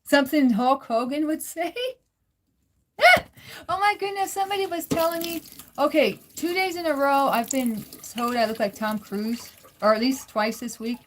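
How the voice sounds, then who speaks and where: A woman's voice: high-pitched, moderate pace. A woman hosting a casual livestream, chatting with viewers, reading their comments and laughing often. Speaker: livestream host.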